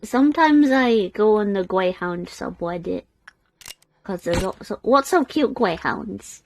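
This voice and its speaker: A woman's voice: medium pitch, animated, measured pace, low-quality recording. A British woman streaming a game live, chatting casually with frequent giggles and rambling restarts. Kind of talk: casual live-stream chat while gaming.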